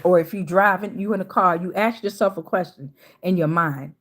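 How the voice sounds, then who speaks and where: A woman's voice: fairly low pitch, moderate pace, a bit bright. A woman hosting a tarot livestream, reading out viewer comments in a slangy, playful, chatty way and greeting people by name.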